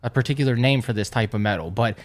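A man's voice: medium pitch, fast talker. A man co-hosting a podcast in casual chat, teasing his co-host and laughing often.

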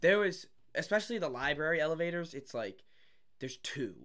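Young man, casual podcast chat, animated storyteller, bright tone. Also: a little high, a little fast. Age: young adult. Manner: animated storytelling, acts out quoted exchanges. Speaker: podcast co-host.

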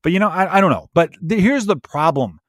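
A man's voice: high voice, animated, fairly quick, a bit bright, dry recording, clean studio sound. A man, a comedian, giving a profane, ranty and digressive podcast monologue.

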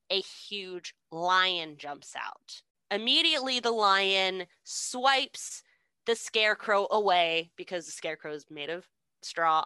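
A woman's voice: clean tone, dry recording. A woman co-hosting a casual chat, retelling a story with lots of swearing and acting out the characters' voices. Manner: animated, profane, acts out characters with big pitch jumps. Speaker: podcast co-host.

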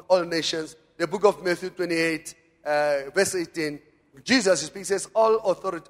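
A man preaching a sermon in church, calling on the congregation to answer and repeat after him. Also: high-pitched. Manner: preaching with call-and-response to the congregation. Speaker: pastor. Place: church hall. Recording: long church-hall reverb.

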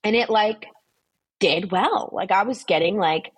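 A young woman in a casual podcast chat, talking in a blunt, animated way with a husky edge to her voice. She swears freely and fills her talk with "like," and the recording is dry and close. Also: mid-range voice, a little slow, no room sound. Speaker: guest, social media influencer.

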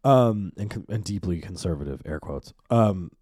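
Young man, low mellow voice, dry close mic, swearing solo podcast host. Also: moderate pace, no echo. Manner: profane, animated rant with lots of fillers.

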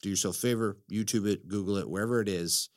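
Excitable, profane man hosting a podcast. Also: lowish voice, fast. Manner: excitable, profane, animated storytelling. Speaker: podcast host. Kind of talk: casual chat.

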